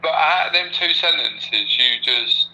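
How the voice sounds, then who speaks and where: Co-host, middle-pitched voice with a sharp bright edge, pointed questions in casual talk. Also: male voice, animated, unhurried, poor audio. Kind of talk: casual podcast conversation.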